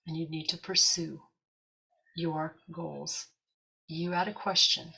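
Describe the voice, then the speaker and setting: A man's voice: fairly high pitch, level tone, takes it slowly, gravelly, sharp tone, breathy edge, heavily acted, low-quality recording. A woman voicing a tall, skinny English man who carries messages from angels, with an English accent and an insistent way of repeating himself. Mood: earnest.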